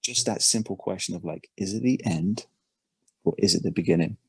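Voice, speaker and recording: Brief: male coach, low husky voice, dry close sound, earnest and halting. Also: a little mellow, no echo. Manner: earnest, repeats words and restarts often. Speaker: performance coach. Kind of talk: casual podcast conversation.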